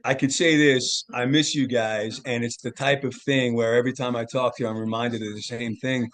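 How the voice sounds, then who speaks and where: A man, a guest on a talk show, telling a family story in an earnest, animated way. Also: mid-range voice, a little fast. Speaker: podcast guest, tarot reader and author. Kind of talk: casual storytelling interview.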